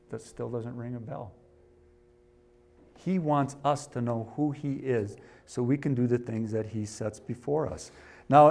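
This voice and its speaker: A middle-aged preacher with a slightly high male voice. He delivers a sermon in which he reads a story aloud. His volume swings between emphatic, louder lines and quiet, low asides. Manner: varies loudness a lot, rising for scripture and dropping for asides. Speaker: pastor.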